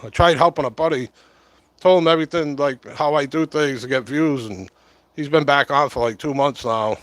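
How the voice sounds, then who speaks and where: A man's voice: a little high, moderate pace, a bit bright, no echo. Rambling middle-aged man on a livestream. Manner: chatty, meandering, lots of fillers. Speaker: livestream host. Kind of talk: casual rambling livestream chat. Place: home, close to camera. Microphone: short-corded mic right at the camera.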